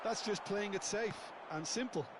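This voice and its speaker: A man giving measured, analytical football co-commentary between the main caller's lines. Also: sits high. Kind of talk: sports commentary from a video game. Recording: loud background noise.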